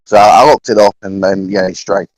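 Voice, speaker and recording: Podcast guest, male, low-pitched, halting delivery with many restarts. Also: fairly even intonation, a little mellow, poor audio. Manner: halting, many repeated words. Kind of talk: casual podcast chat.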